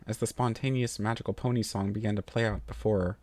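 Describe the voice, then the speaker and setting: A man reading a fan fiction story aloud as narrator, with lively storytelling. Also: on the low side, a little fast, no echo.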